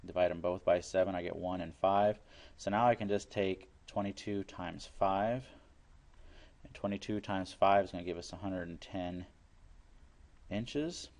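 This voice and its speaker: Low-voiced male teacher walking through a math lesson, plain and patient, repeats key steps. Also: measured pace, darkish tone. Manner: plain explanatory, repeats steps, works problems aloud.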